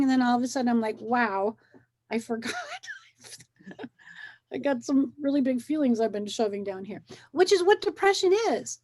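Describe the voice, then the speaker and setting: A woman coaches in a gentle, encouraging way, often circling back and repeating her phrases. Her voice sits a little high. She talks like a host in a relaxed wellness conversation. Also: normal speed, long pauses.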